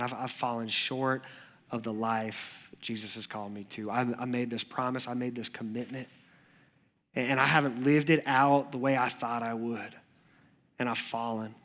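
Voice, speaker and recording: A male youth pastor preaching a sermon in a church, telling the story in a storytelling way that moves between hushed moments and lively ones. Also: medium pitch, normal speed.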